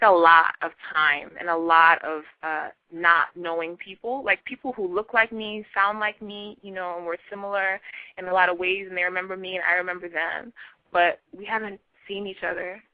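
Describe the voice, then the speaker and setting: A woman in her twenties from Nigeria, speaking frankly and thoughtfully as an interview guest, halting with many fillers. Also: on the low side, fairly even intonation, gravelly, no echo, narrow, tinny audio. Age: 20s. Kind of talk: candid interview talk.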